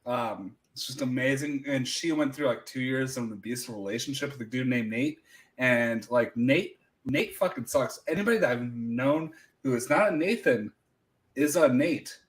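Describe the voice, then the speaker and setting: A man's voice: medium pitch, moderate pace. A man co-hosting a casual show, talking loosely and reading out donations. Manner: loose, swearing, reads donations. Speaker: podcast co-host. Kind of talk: casual chat.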